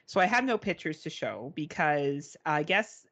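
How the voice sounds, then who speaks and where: Woman podcast co-host, animated storyteller, very expressive pitch, salty language. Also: unhurried, lo-fi sound. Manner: animated, swearing, mimics beeping sounds. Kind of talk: casual storytelling chat.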